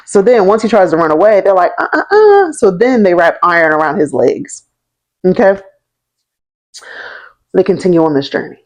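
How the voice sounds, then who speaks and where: A woman's voice: fairly low pitch, normal speed, long pauses, darkish tone, low-quality recording. A young woman telling a history story in a casual, slangy way, laughing along and checking in with her listeners. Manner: chatty and slangy, often checking in with "right?" and "okay?". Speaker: history vlogger.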